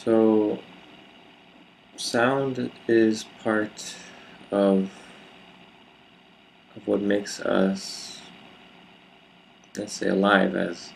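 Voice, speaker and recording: Man, low gravelly voice, flat delivery; reflective solo talk. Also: drawn-out words, pauses often, slight background noise, rough recording. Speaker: video speaker.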